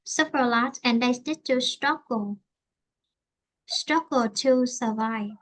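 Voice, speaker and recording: A woman's voice: fairly high pitch, slow, fairly bright tone. A woman with a Vietnamese accent teaching an English lesson, switching between Vietnamese and English and explaining with many fillers and restarts.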